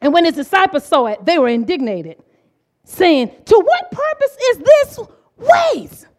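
A middle-aged woman preaching a sermon, impassioned, swinging from hushed asides to shouted declarations. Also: very high voice, big pitch swings, unhurried.

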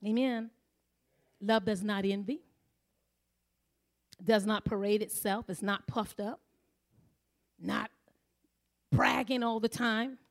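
A woman's voice: mid-range voice, steady tone, slow pace, long pauses. A middle-aged woman giving a sermon full of personal stories, laughing often and acting out the voices in her quotes. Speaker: church speaker.

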